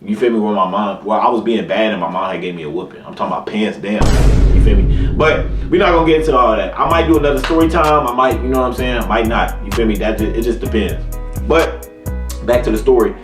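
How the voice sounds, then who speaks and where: A man's voice: on the low side, fast talker. A young man telling a casual story in slangy, laid-back speech, with frequent check-ins with his listener. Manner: laid-back slangy talk, keeps saying "you know what I'm saying". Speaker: vlogger. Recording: roomy sound, far from mic, music behind.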